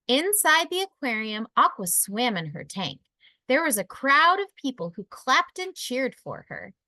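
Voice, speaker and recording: A woman reading a children's picture book aloud in an expressive, animated storytelling manner. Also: sits high, a little slow, no room sound.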